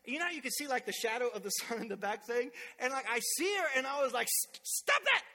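Man preaching, animated storyteller, high bright voice, long hall echo. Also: fast. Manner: animated storytelling, acts out quotes loudly. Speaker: pastor. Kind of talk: sermon. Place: church sanctuary.

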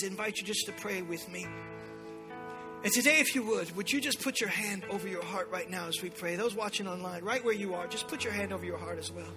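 A man preaching a sermon to a church congregation, urgent and impassioned. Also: high voice. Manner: impassioned preaching, acting out God's voice in quotes. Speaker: pastor.

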